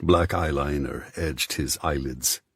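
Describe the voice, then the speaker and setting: A very low, husky male voice reads a first-person story in measured, even steps. It sits dry and close to the mic, with nothing around it. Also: no room sound. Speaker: audiobook narrator. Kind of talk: scripted first-person narration.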